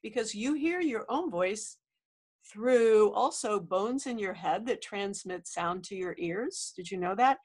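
A woman co-hosting a podcast with a nasal voice, fighting a cold. She talks in a chatty, self-deprecating way at a middle pitch. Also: lively intonation, measured pace, a little mellow, husky. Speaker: podcast co-host. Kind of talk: casual chat.

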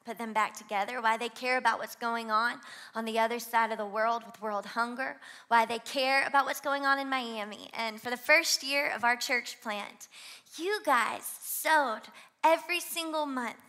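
Bright-voiced woman preacher with a Louisiana twang. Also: fairly high pitch, moderate pace. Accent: Southern US, Louisiana. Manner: energetic, exhorts the crowd to shout along. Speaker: guest pastor. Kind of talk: sermon. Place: church auditorium.

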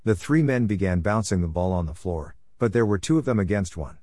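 Male storyteller, low voice, dry close sound, steady folk tale reading. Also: fairly quick, dry recording.

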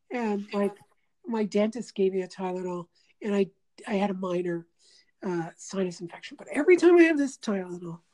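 A woman's voice: medium pitch, poor audio. A middle-aged woman in casual chat, telling a story with lots of laughter and acted-out quotes. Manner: animated storyteller, laughs often, acts out quotes.

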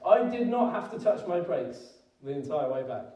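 A man's voice: fairly high pitch, sing-song, moderate pace, mellow, dull audio, a little hiss or hum. A man preaching a sermon and telling a personal story in a conversational way, laughing often and building to emphatic peaks. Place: church hall. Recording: echoey room, mic at a distance.

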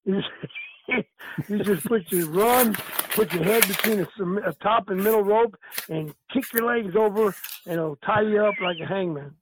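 High-voiced older man telling wrestling stories. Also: normal speed, noisy background. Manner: animated, laughing often, acts out quoted lines. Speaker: retired pro wrestler, guest. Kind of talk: casual storytelling.

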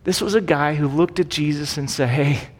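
A man's voice: fairly high pitch, normal speed, darkish tone. A man teaching through a Bible passage as a pastor, in a casual, conversational way, often checking in with rhetorical questions. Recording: long reverb.

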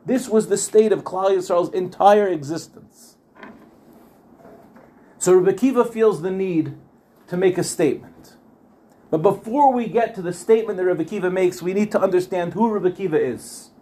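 Guy with a high voice teaching torah, earnest, keeps repeating phrases to drive it home. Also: normal speed, dark tone. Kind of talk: Torah class.

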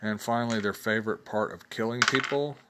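A man with a lowish, steady voice briskly hosts a casual solo talk show, reviewing tabletop game blogs and reading game tables aloud. He's chatty and laughs at his own jokes, with heavy background noise behind him.

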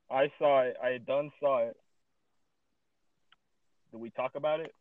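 A man cursing his way through a casual podcast chat, his temper flaring and settling as he rants. His voice sits at an ordinary pitch and comes through a thin, tinny phone-like line. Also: normal speed, long pauses. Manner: cursing, easily frustrated, ranting. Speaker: podcast co-host.

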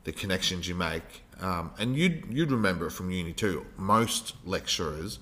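A man's voice: low-pitched, moderate pace. A man hosting a podcast, talking casually and loosely, often searching for words as he goes. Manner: relaxed, rambling, searches for words. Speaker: podcast host, teacher.

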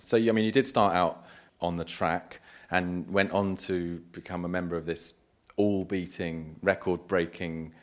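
A man's voice: deep voice, steady tone, measured pace, hardly any pauses. A man interviewing a guest at a live event, asking long, wandering questions with many restarts.

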